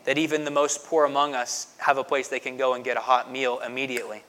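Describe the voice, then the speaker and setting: A man preaching a sermon in a conversational way, often asking "right?" and swelling louder to stress a point. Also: mid-range voice, flat delivery, quick pace. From United States. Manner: conversational preaching, frequent "right?" asides, swells loud for emphasis. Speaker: pastor.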